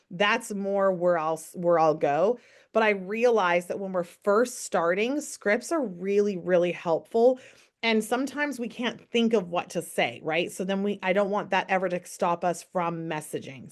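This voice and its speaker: A woman giving a casual, upbeat sales training on a call, coaching listeners and often asking rhetorical questions. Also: mid-range voice. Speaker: network marketing team trainer.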